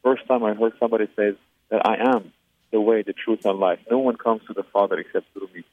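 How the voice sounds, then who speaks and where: Man, interview guest, earnest testimony full of pauses and fillers, low voice, tinny phone line. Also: steady tone, no room sound. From Iran. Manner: earnest, with frequent hesitations and fillers. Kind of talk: personal faith testimony.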